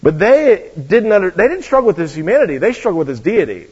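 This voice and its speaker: A man with a high voice delivers a sermon as a guest preacher. He tells stories and throws in joking asides. The recording sounds dull and lo-fi. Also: quick pace, slight background noise. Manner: lively storytelling with joking asides.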